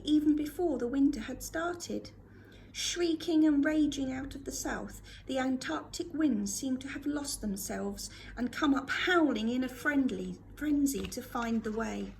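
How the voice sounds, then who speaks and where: A woman reading a storybook aloud to a school class with expressive delivery. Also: sits high, creaky, slight background noise.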